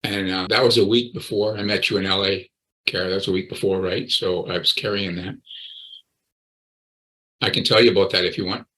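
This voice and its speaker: A man's voice: low voice, steady tone, brisk, pauses often, bright, forceful tone, low-quality recording. A man in his sixties, a recovery coach, earnestly telling his personal story in an interview and often repeating his words.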